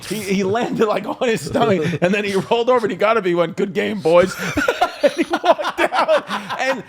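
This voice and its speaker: A man in his thirties hosting a podcast in casual chat, telling stories with loud bursts of shouting. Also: high-pitched, normal speed, background noise. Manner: animated storyteller, shouts while acting out stories. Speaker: podcast host.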